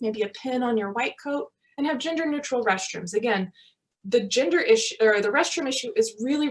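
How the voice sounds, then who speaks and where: A woman in her thirties, a family medicine physician giving a conversational teaching talk over a video call, often checking in with "right?". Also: fairly high pitch. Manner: conversational, frequent tag questions like "right?".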